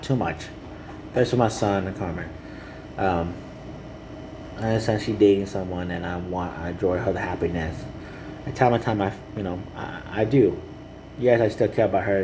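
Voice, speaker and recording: Earnest low-voiced man, halting monologue. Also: darkish tone, slight background noise, low-quality recording. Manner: halting, repeats "you know" often; earnest and heartfelt. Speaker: father speaking to camera. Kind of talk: rambling personal monologue.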